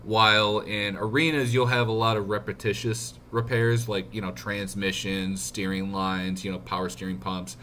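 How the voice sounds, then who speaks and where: A man's voice: on the low side, flat delivery, moderate pace, few pauses, pushed and bright, slight background noise. A man chatting as a guest on a live show, hesitant, restarting sentences and using fillers. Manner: hesitant, restarts often, fillers like "you know". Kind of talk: casual panel chat.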